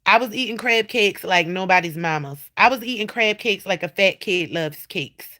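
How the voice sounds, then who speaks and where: A woman hosting a casual livestream from home, animated, blunt and profane as she talks straight to her viewers. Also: mid-range voice, normal speed. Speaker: livestream host. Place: at home indoors.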